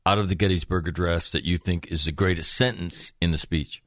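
Very deep-voiced man quizzing on a podcast. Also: fairly even intonation, a bit bright, no echo, clean studio sound. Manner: quizzing and teasing, in a measured way. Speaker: podcast host. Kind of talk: casual chat.

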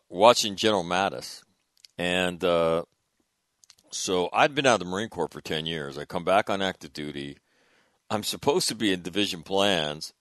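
A man's voice: sits low, fairly bright tone, dry recording. A former Marine officer, a man, telling an easygoing service story in casual conversation. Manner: easygoing, laughs while telling stories.

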